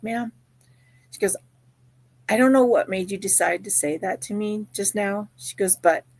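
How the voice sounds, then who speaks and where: A woman's voice: mid-range voice, fairly bright tone, no echo. A woman hosting a casual livestream, chatting while she crochets and reading out viewer comments with lots of "you know" fillers. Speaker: livestream host.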